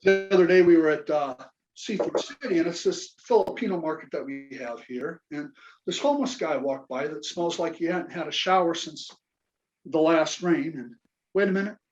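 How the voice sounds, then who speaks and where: A man's voice: fairly high pitch, normal speed, dull audio, soft background music. A man in his forties from Kentucky with a Southern accent, a Navy veteran doing a stand-up comedy set with dry, self-mocking punchlines. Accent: Southern American.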